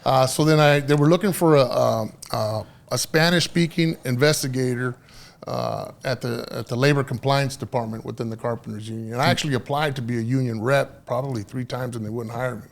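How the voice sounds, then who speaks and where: A man's voice: medium pitch, brisk, gravelly. A middle-aged man, a podcast guest and union official, telling stories in casual chat, swearing freely and dropping Spanish phrases into his English, with many fillers and restarts.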